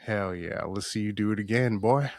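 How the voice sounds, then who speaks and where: A man's voice: fairly low pitch, normal speed, a little mellow, dry recording. Young man, podcast co-host, profane, teasing, dry close sound. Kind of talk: casual comedic chat.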